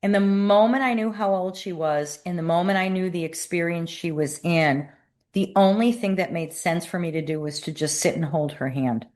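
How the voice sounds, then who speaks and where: A woman guest and author speaking in a measured, thoughtful way in an interview. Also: lowish voice, darkish tone. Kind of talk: reflective interview talk.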